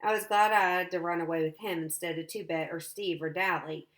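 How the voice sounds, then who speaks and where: A woman teacher reading a novel aloud to her class. Her reading is steady and plain, and her voice sits a little low. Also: fairly quick.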